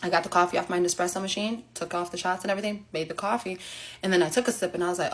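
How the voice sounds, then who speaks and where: A woman telling a sarcastic, animated story straight to the camera in a casual monologue. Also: fairly low pitch, very fast.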